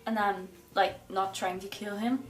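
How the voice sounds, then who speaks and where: A young woman vlogging casually, telling funny stories in an animated way and acting out the people she quotes. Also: a little slow, faint music behind. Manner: animated, acts out quoted dialogue with bursts of pitch. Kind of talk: casual storytelling vlog.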